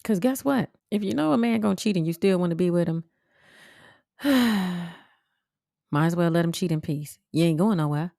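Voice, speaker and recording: A woman, telling personal stories as a podcast host in a blunt, animated way, swearing freely and jumping into sharp high exclamations. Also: normal speed, vocal fry, long pauses, dry recording, clean studio sound. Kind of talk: casual storytelling monologue.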